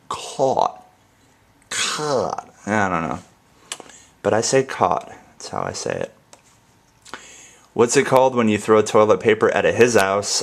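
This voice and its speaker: Goofy deep-voiced American guy rambling. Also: fairly bright tone. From United States. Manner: goofy, playful, repeats words in different ways. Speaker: ASMR channel host. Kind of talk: casual rambling vlog.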